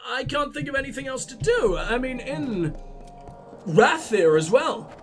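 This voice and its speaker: A man's voice: extremely high pitch, big pitch swings, measured pace, faint music behind. A man with a stuffy cold, rambling and swearing sarcastically while commentating his own gameplay. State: congested with a cold or flu. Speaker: let's play host.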